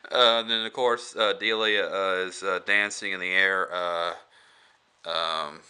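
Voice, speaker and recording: A man talks through a film review in a loose, rambling way, full of hesitations and restarts and chuckling as he retells scenes. His voice sits a little low but sounds very bright and sharp, with a smooth, crisp clarity. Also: steady tone, unhurried. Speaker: movie reviewer. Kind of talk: casual movie review vlog.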